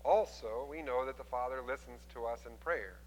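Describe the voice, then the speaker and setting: A man preaching a sermon as a pastor, telling the story with animated delivery and acting out the quoted voices. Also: mid-range voice, moderate pace, long reverb tail, slight background noise, low-quality recording.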